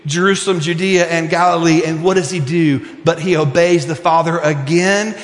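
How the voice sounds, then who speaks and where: A male pastor with a high voice delivers an impassioned sermon, his words ringing through a large, echoing sanctuary. He swings from near-shouts to hushed appeals, and a long reverb trails each phrase. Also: fairly even intonation, normal speed. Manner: impassioned preaching, rising to shouts and dropping to hushed prayer. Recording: echoey hall with long reverb.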